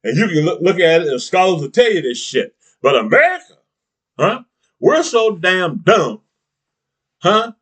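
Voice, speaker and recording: Middle-aged man, slightly high voice, heated profane monologue full of "huh?" asides and chuckles. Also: very animated, measured pace, long pauses, fairly bright tone, breathy edge. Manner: blunt and profane, peppers talk with "huh?" and "you know what I'm saying"; chuckles between heated points. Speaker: political commentator. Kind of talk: ranting political monologue.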